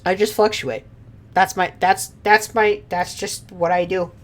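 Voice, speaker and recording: A woman's voice: mid-range voice, fairly even intonation, measured pace. Giggly young woman streaming a game. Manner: giggly, rambling, swears casually. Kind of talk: casual gameplay commentary.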